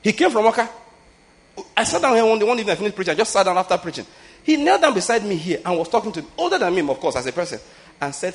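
A middle-aged man with a Nigerian accent preaches a sermon in a conversational teaching style, frequently asking whether listeners get his point. His voice is high, very animated and very fast, with a breathy edge.

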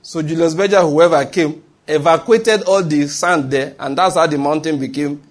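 In a sermon delivered at normal speed, a male preacher uses a husky, fairly high-pitched voice. He stresses his points and repeatedly asks the congregation questions that he then answers on his own.

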